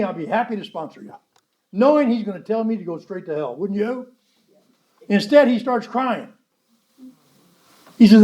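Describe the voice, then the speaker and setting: Blunt, wry man with a high voice. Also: animated, slow pace, pauses often, darkish tone. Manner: blunt, wry, acts out quoted dialogue. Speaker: recovery meeting speaker. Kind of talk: storytelling talk to a convention audience.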